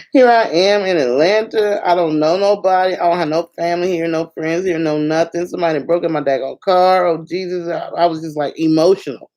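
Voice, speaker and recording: A woman from Ohio giving a personal testimony as a motivational speaker, telling an emotional story with lively restarts. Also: sits low. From Ohio, USA. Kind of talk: personal testimony, encouraging talk.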